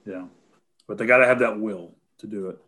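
A man's voice: on the low side, fairly even intonation, brisk. A man with a Tennessee accent answering callers' questions in a casual conversation, hesitating often with "um" and "you know".

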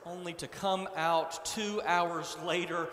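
A man preaching a sermon as a story, with dramatic, animated delivery. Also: fairly high pitch, slow pace. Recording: echoey hall.

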